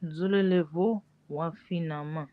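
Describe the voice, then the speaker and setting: A man answers practice prompts in a language class, drawing each word out slowly and deliberately. His fairly high voice sounds dull and lo-fi. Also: steady tone. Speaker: language student. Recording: dull lo-fi audio.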